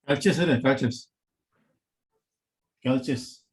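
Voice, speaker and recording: A man's voice: mid-range voice, slow. A man with a Malaysian English accent teaching an engineering class online, explaining step by step and calling on students by name. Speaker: engineering lecturer.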